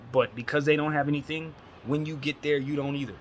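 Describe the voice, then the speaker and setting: A man's voice: a little high, fairly even intonation, fast talker, slight background noise. A man hosting a casual solo basketball chat, talking bluntly and with strong opinions, using casual slang. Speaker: basketball commentary host.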